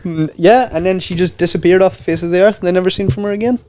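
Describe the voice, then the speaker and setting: A man telling a long story on a podcast, casual and cheerfully profane. His voice sits a little above the usual male pitch. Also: fast talker. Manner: profane, animated anecdote-telling. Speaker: podcast guest.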